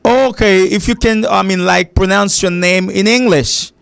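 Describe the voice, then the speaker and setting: A man's voice: high voice, fairly even intonation, unhurried, vocal fry, a bit bright, clean tone. A man hosting a call-in English lesson, patiently repeating and rephrasing his explanations for a caller. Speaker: English teacher and show host.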